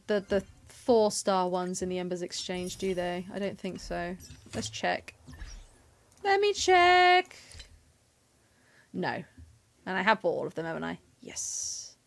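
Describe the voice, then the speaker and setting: A woman from England chatting casually on a live gaming stream, rambling and often interrupting herself. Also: mid-range voice.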